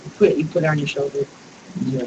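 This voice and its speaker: A man's voice: on the high side, fairly even intonation, fast talker, dull audio. A man chatting casually while playing a game, joking and swearing with his friends. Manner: joking, profane banter. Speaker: gamer. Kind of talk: casual gaming chat. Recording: distant mic with room noise.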